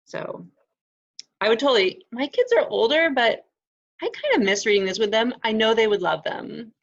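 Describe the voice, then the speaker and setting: A middle-aged woman librarian talks casually through a box of books, friendly and laughing often. Her voice has a gravelly, fried texture. The recording sounds muffled and lo-fi. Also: on the high side. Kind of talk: casual book unboxing chat.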